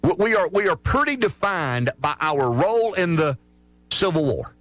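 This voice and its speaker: A man's voice: fairly high pitch, big pitch swings, normal speed, fairly bright tone, no room sound. A man with a rural Southern accent, hosting morning radio talk, speaking passionately and emphatically, repeating words as he builds his point. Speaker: radio host.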